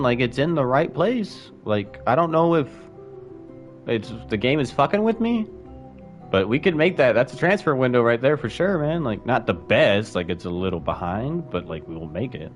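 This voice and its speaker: A man casually commenting while he plays a game on a live stream, rambling and playful, with asides to his chat. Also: mid-range voice. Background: faint music.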